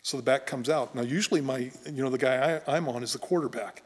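A man's voice: medium pitch, quick pace, husky. A middle-aged male pastor preaching in a conversational, folksy storytelling way in a church. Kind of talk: conversational sermon. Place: church sanctuary. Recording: long church reverb.

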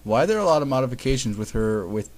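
Dude reading bad fanfic out loud at home, swearing, mocking it. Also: male voice, medium pitch, animated, quick pace. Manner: sarcastic, profane, stumbling over text. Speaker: reader of fan fiction. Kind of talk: mocking dramatic reading with commentary.

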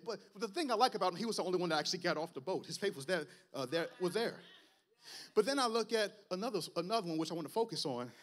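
A man, preaching a sermon and telling his own story in an animated way. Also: fairly high pitch. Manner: animated, storytelling, rising to shouts at climaxes. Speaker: guest preacher. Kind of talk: sermon with personal testimony.

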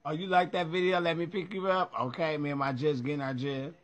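A man's voice: on the high side, flat delivery, a little fast. A man hosting a casual video show, reacting in a sassy, profane way and laughing a lot.

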